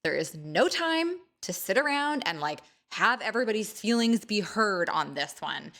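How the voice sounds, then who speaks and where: A woman talks straight to her viewers in a relaxed, chatty way. She teases and jokes, then lands her punchlines with mock drama. Her voice sits at an ordinary middle pitch. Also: moderate pace. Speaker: astrology video host. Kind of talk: casual playful monologue to camera.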